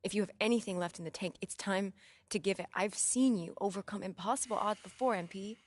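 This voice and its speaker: An actress playing an earnest young woman who pleads with her partner to fight for his career, in a firm, husky voice. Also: mid-range voice, a little fast, no echo, lightly acted. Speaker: the player's partner in a story cutscene.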